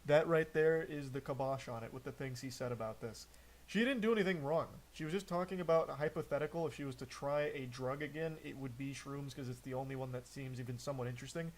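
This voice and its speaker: A man's voice: medium pitch, fast. A man streaming casual reaction commentary, sarcastic and exasperated as he talks through what he reads.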